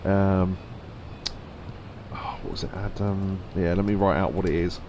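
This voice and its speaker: A man's voice: sits low, level tone, a little slow, noisy background. A man streaming a video game, chatting casually and laughing often as he tells stories. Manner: chatty, laughs often, reads game lines aloud in a put-on accent. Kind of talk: casual live-stream chat and storytelling.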